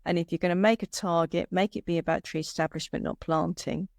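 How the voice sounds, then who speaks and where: A woman's voice: on the low side, steady tone, fairly quick, dry recording, studio quality. A woman, a guest arborist, giving earnest, practical answers in a conversational interview. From United Kingdom.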